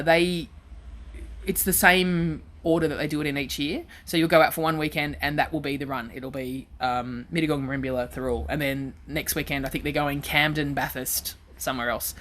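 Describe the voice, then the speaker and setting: An Australian woman, a comedian, chatting in an interview and telling lively stories that she acts out. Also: deep voice, normal speed. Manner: animated storyteller, acts out quoted voices. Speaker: comedian guest. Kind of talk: casual interview chat.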